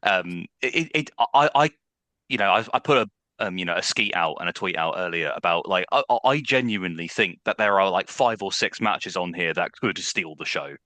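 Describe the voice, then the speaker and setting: A man's voice: sits low, animated, fairly quick, sharp tone, dry recording. A man co-hosting a podcast in casual chat, rambling with dry sarcasm. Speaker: podcast co-host.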